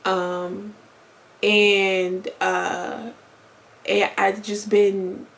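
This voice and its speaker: A woman's voice: mid-range voice, flat delivery, extremely slow, gravelly, a bit bright. Chatty, rambling woman in her twenties. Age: 20s. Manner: rambling, chatty, self-correcting, many fillers. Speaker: vlogger. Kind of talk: casual storytelling to camera. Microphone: compact camera on-board mic.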